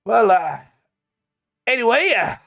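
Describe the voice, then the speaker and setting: A man's voice: very high-pitched, very animated, slow, gravelly, fairly bright tone, pitched above the performer's own voice, full character voice. A man doing a polite, weary merchant. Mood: mild.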